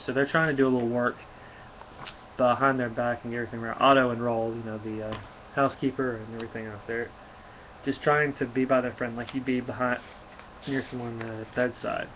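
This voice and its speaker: A man's voice: medium pitch, level tone, fairly quick. A man with a mid-range voice talks through a comic in a loose, rambling way, full of fillers and restarts. The recording sounds muffled and lo-fi, with a faint hiss underneath. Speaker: comic book reviewer. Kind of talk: casual comic review.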